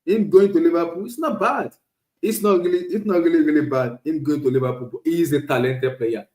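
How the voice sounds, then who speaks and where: A man hosting a casual solo football talk stream, animated and repetitive, often restarting phrases. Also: fairly high pitch, a little fast, echoey room, low-quality recording. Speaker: podcast host. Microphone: streaming setup.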